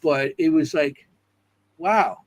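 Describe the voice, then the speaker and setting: A man's voice: a little high, slow. A man, co-host, telling a short story in casual chat. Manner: listening with brief agreements.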